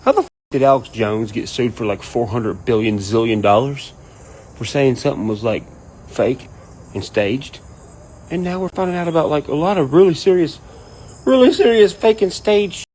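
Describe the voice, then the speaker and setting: A man ranting casually and profanely, rambling and animated. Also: medium pitch, moderate pace, a little hiss or hum, poor audio. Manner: profane, rambling, animated, quotes people in mock voices. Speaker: online commentator. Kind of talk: casual rant to camera.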